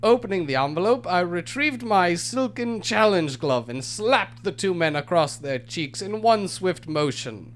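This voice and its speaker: A man's voice: sits high, lively intonation, unhurried, few pauses, fairly bright tone, slight background noise. A man, a podcast host, reading a comic, mock-formal letter aloud in a pompous, theatrical narrating voice.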